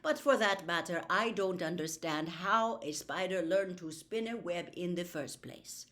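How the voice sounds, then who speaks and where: A woman voicing a thoughtful old male country doctor who speaks calmly and musingly. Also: fairly low pitch, unhurried.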